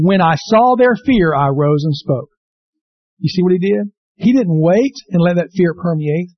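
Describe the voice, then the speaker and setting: A middle-aged man preaching with a high, bright-edged voice. He tells stories with humor and jumps into dramatic quoted voices. The sound is dry and a little dull. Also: dry recording. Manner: lively storytelling preacher, acts out quotes in raised voice. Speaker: pastor. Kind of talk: sermon.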